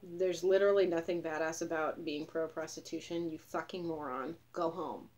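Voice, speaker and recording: A woman's voice: sits low, fairly even intonation, moderate pace, few pauses, a little mellow. A young woman ranting in a casual vlog, profane, sarcastic and scornful as she recounts what she saw. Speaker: vlogger.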